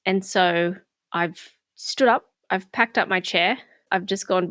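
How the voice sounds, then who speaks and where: A woman's voice: medium pitch, normal speed, a bit bright, dry recording, clean studio sound. A woman, co-hosting a podcast and telling a story in casual chat, acting out quotes and swearing freely. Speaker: podcast co-host.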